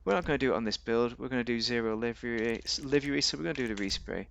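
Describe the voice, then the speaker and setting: Speaking very fast with vocal fry and a fairly bright tone, a gaming video host rambles through casual, joking commentary as he plays. He talks to himself a lot and his pitch jumps abruptly.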